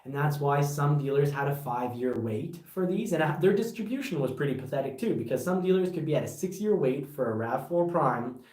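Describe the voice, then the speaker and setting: A man's voice: a little high, a little fast, hardly any pauses, far from the mic. Worked-up man in an echoey room. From Canada. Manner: animated, gets worked up, rambling restarts. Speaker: car reviewer. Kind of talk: casual vlog commentary. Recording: echoey room, voice a bit off-mic.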